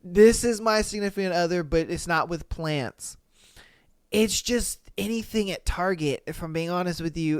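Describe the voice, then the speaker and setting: A man's voice: sits high, moderate pace, smooth, no echo, studio quality. A man hosting a podcast, reading listener posts in casual, slangy commentary with laid-back, chuckling asides. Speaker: podcast host. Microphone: studio podcast mic.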